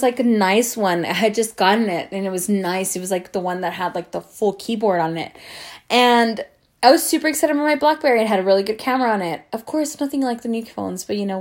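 Animated young woman telling a story. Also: a little high. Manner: animated, swearing, acts out quoted voices. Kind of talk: casual storytelling.

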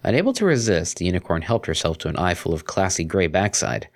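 A man narrating a fan fiction story aloud in an expressive storytelling manner. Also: low-pitched, fast. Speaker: story reader.

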